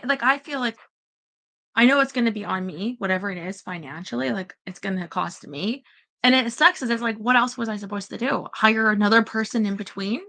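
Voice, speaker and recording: Rambling, anxious woman with a bright, gravelly voice. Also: a little high, brisk. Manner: anxious, rambling, talks straight to viewers. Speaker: livestreamer. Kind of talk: rambling casual livestream chat.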